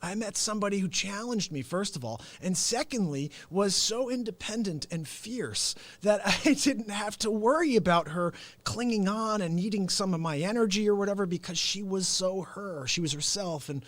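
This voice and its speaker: Male live-streaming host, high and very expressive, animated storyteller who does impressions, dry close recording. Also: moderate pace, hardly any pauses, no echo. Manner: laughs often and talks straight to viewers. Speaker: host and real estate agent. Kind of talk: unscripted live-stream talk.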